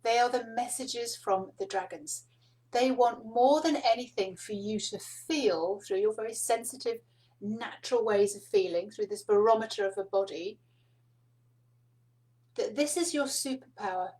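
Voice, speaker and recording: Soft-spoken woman reading oracle cards. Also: on the high side, normal speed, low-quality recording. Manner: soft, meandering, with light laughs and fillers. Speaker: spiritual card reader and host. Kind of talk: casual spoken teaching to camera.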